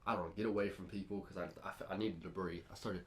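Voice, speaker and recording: A young man co-hosting a casual podcast, telling stories in an excitable, hype-filled way. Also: deep voice, quick pace. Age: young adult. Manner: excitable storyteller, lively and hype-driven. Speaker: podcast co-host.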